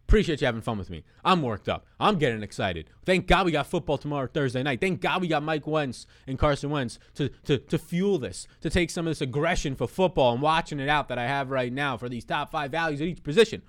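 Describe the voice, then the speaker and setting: A young man hosting a fantasy football picks show, talking in an energetic, profane, hype-man way. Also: on the high side, quick pace, hardly any pauses. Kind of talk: hyped sports betting talk.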